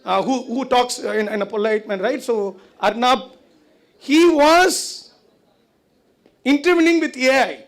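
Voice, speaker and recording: A man with a very high voice lectures conversationally at a conference hall, taking his time and leaving long pauses. He keeps asking his audience rhetorical questions.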